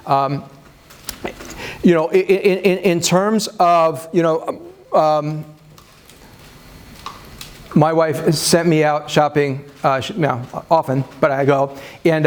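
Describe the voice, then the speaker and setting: A man leading a marriage seminar, talking conversationally to an audience with self-deprecating humor, many fillers and restarts. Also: a little high. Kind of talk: live seminar talk to an audience.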